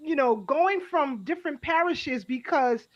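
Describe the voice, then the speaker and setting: A woman's voice: sits high, animated, unhurried, dry recording, highs cut off. A woman co-hosting a talk show, speaking emphatically and repeating herself for emphasis. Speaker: co-host. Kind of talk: casual chat.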